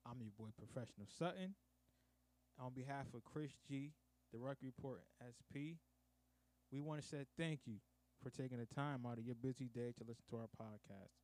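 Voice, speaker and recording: A man's voice: medium pitch, normal speed, a little mellow. A man hosting a casual sports podcast, upbeat and promotional, with slangy everyday talk. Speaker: podcast host; radio host.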